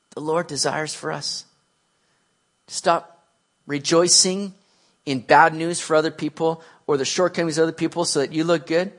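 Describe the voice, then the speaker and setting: Animated high-voiced male preacher. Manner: conversational, animated, with frequent restarts. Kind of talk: sermon.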